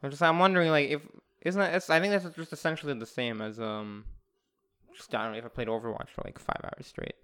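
A man's voice: on the high side, steady tone, fast talker, pushed and bright, clear, resonant tone. A young man co-hosting a casual podcast, wry and joking with loose fillers. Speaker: podcast co-host.

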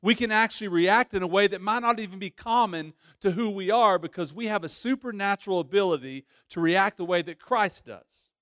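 A pastor preaching a sermon, telling a story with lively voices and frequent restarts. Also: male voice, high voice, brisk, hardly any pauses, dry recording, studio quality.

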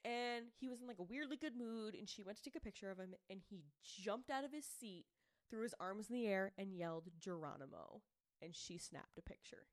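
A woman's voice: medium pitch, a little fast, no room sound. Young woman, podcast co-host, chatty storyteller, casual, dry close sound. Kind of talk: casual chat.

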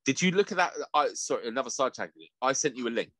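A man's voice: medium pitch, fast talker, no room sound. A man, telling stories in casual chat, swearing a lot and laughing as he goes. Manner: sweary, animated storytelling with laughs. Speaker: podcast co-host.

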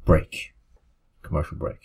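A man co-hosting a podcast, casually reading out wrestling storylines with relaxed asides. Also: unhurried. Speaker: podcast co-host.

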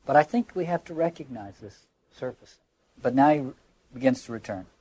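A man's voice: medium pitch, brisk, darkish tone, slightly rough, no room sound. A man lecturing on literature, reflective, often restarting words as he searches for phrasing and reading quoted lines aloud with emphasis.

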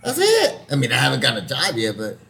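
A man co-hosting a casual podcast, joking and swearing, with loud bursts of laughter. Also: medium pitch, quick pace, vocal fry, a little hiss or hum. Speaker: podcast co-host.

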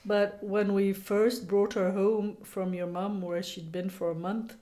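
A woman's voice: mid-range voice, little pitch movement, a little slow, mellow. A woman co-hosting a podcast, chatting casually about home life and her writing and laughing easily. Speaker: podcast co-host and author. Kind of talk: casual chat.

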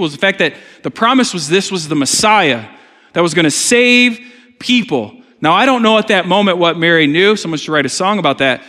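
A male pastor giving a conversational sermon in a church, swinging between loud emphasis and soft asides, with jokes along the way. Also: on the high side. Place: church sanctuary. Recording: long hall reverb.

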